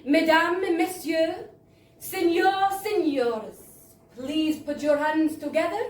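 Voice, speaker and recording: A woman's voice: high-pitched, voice pushed up. Woman putting on a pompous circus ringmaster. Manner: grand, drawn-out announcing. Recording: roomy live bar, distant mic.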